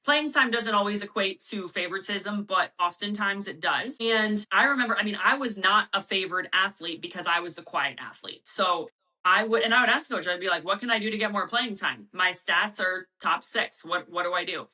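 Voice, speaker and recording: A woman's voice: medium pitch, normal speed, pushed and bright, poor audio. A middle-aged woman, a volleyball coach, talking casually as an interview guest and acting out quotes from players and coaches in her own voice.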